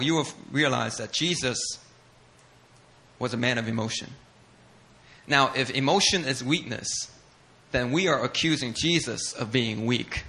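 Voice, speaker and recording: Bright-voiced, fervent male preacher. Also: mid-range voice, unhurried, pauses often. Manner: passionate, emphatic, building intensity with repetition. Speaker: pastor. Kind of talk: sermon.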